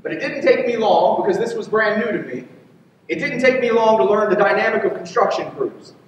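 A pastor with a very high voice tells a story from the pulpit in an earnest, personal way. He sounds distant from the mic, and his words ring through a big hall with a long trailing reverb. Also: big pitch swings, a little fast, slight background noise. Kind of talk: sermon. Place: church sanctuary. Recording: echoey hall from far off.

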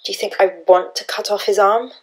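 A woman's voice: medium pitch, steady tone, fairly quick, close to an everyday voice, poor audio. A woman reading an audiobook, voicing a desperate, cornered young woman healer who talks in a strained, defensive way.

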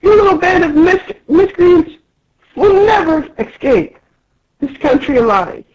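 A piercing, squeaky comic-book villain full of haughty threats, as a man puts him on. The pitch sits far above a normal man's voice and the sound is dull and lo-fi. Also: animated, a little slow, a little mellow. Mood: shrill threats.

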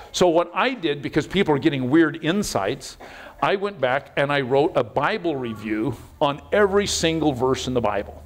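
A middle-aged man preaching as pastor in a church, talking conversationally and animatedly, with sudden loud bursts and hushed, intimate moments. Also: a little high. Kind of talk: sermon. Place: church sanctuary.

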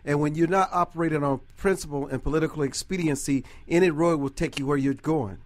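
A man hosting a talk radio show, giving a short, measured reply to his guest. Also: fairly high pitch. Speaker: radio host.

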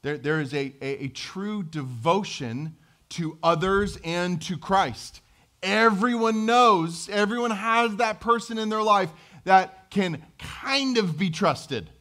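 A man's voice: high voice, takes it slowly, sharp tone. A middle-aged man preaching a sermon as pastor, in a conversational, self-deprecating way with acted-out quotes.

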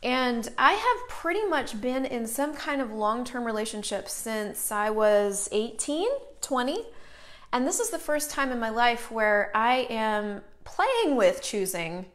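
A woman's voice: fairly high pitch, lively intonation, a little slow, a bit bright. A middle-aged woman hosting a live stream, talking casually and greeting viewers by name as she goes. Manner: chatty, greets viewers by name mid-sentence.

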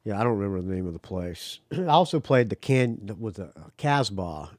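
A man's voice: lowish voice, big pitch swings, normal speed, dry recording, clean studio sound. A man hosting a podcast in casual chat, rambling and teasing his guest. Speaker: podcast host.

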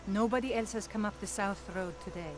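A protective, hospitable village woman with a firm, motherly manner, voiced by a woman in a video game. Her pitch is ordinary. Game music plays clearly under her lines. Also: fairly quick, lightly acted. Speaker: game character.

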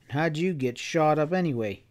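A grim, angry leader of a frontier posse, played by a man reading aloud speaks in blunt, threatening folksy words. The voice sits a touch high. It reads like a storybook western. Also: lively intonation, moderate pace, close to an everyday voice.

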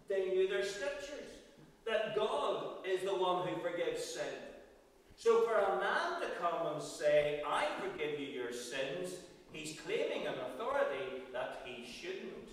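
A man's voice: sits high, lively intonation, unhurried. A man preaching a sermon and reading scripture aloud in a church. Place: church hall. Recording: echoey hall, speaker far from mic.

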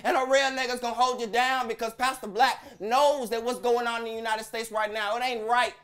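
A man's voice: very high voice, flat delivery, fairly quick, a bit bright, smooth. A man voicing a brash, profane male preacher with a Southern accent, rambling through a comedic mock sermon in a preachy cadence.

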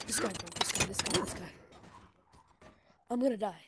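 A young woman commenting casually on her game while playing, excitable and pleading during fights. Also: medium pitch, moderate pace, vocal fry, pauses often, very noisy. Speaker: gamer. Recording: loud game sounds behind voice.

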